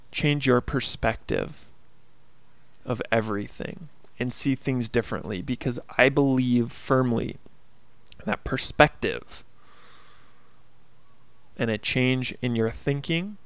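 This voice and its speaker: A man's voice: medium pitch, gravelly, clean tone, dry recording. A man hosting his own casual podcast, talking in an earnest, upbeat motivational way with plenty of fillers. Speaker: podcast host. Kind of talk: casual solo podcast monologue.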